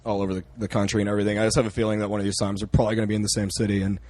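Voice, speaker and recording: A young man from Central Oregon, a podcast guest chatting casually, relaxed and full of fillers. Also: on the low side, dry recording. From Central Oregon, USA. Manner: relaxed, many fillers and restarts, quick bursts. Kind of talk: casual chat.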